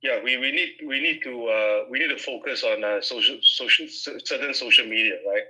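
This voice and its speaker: A man hosting a casual audio chat, talking haltingly and repeating his words as he restarts. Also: mid-range voice, pushed and bright, low-quality recording.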